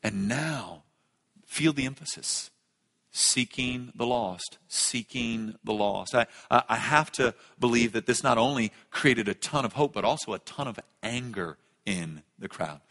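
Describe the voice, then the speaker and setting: A man preaching a sermon as a pastor, swinging between loud emphatic lines and hushed ones. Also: medium pitch, lively intonation, normal speed. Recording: echoey large hall.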